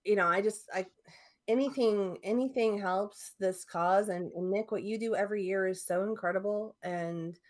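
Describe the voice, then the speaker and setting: A woman's voice: mid-range voice, normal speed, a little mellow. A woman from the American Midwest co-hosting a charity livestream, talking casually with frequent restarts and laughs. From US Midwest, Indiana. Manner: chatty, trailing restarts, laughs often. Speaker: podcast co-host.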